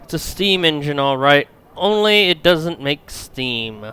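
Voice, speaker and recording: A man voicing a gruff, irate but proud woman artificer from a steampunk game, with a curt, grumbling manner. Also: on the high side, animated, a little slow, sharp tone.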